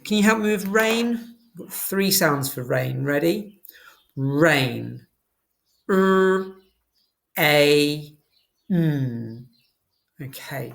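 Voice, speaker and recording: Slow, gravelly-voiced phonics teacher. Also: mid-range voice. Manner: slow, sounding out words letter by letter. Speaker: primary school teacher. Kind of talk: phonics lesson for young children.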